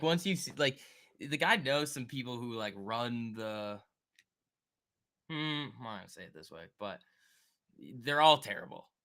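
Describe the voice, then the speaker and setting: A man's voice: medium pitch, bright, forceful tone. A man hosting a live stock market stream, chatting casually, joking and reacting to viewers and charts. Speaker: stock trading livestream host.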